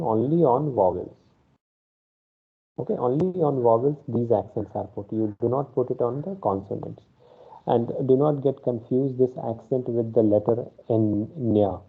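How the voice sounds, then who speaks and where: A man with a medium-pitched, creaky, slightly rough voice teaches an online Spanish class, walking through each step and often checking in with an "okay." His audio comes through a video call and sounds phone-like.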